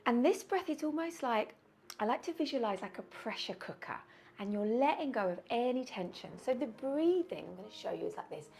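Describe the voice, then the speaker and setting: A woman leads a yoga class over a video call, her voice carrying a light gravelly edge. She guides slow breathing in a soothing way, sighing along with her students, with faint noise in the background. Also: on the high side, lively intonation, a little mellow. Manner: slow soothing guidance with audible sighs. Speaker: yoga teacher. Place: indoors, windy weather outside.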